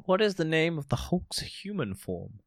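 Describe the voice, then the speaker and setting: A man's voice: fairly high pitch, very animated, vocal fry, dry recording, studio quality. A man co-hosting a podcast, playfully reading out quiz questions and silly answer choices. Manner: playful, jokey, reads options with comic pauses. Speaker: podcast co-host, quizmaster.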